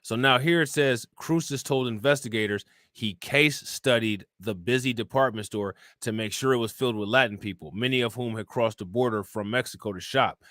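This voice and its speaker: Here a medium-pitched man speaks at a moderate pace with few pauses, his tone a touch bright, in clean studio sound without echo. As host of a live-stream crime show, he reads news, charges, reports and chat aloud in a loose, chatty way, reacts, and keeps questioning his audience with "you know what I'm saying?"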